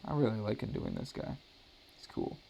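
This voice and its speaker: Gravelly-voiced man chatting while drawing. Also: on the low side, animated, normal speed, warm tone, a little hiss or hum. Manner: rambling, hesitant, full of restarts and "like". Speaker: artist streaming a drawing session. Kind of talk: casual live-stream chat while drawing.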